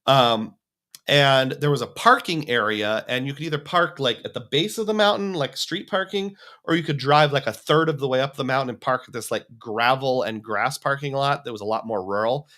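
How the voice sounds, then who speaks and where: A man's voice: medium pitch, normal speed, pushed and bright. A man hosting a livestream, talking casually and rambling as he reads viewer comments. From United States. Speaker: livestream host.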